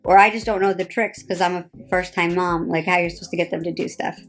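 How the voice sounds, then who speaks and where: This reality TV star, a New Jersey woman in her 30s, talks casually on her live stream with quiet music in the background. She speaks quickly in a lowish, steady voice, wandering from point to point with heavy "like" fillers and a weary, sarcastic edge.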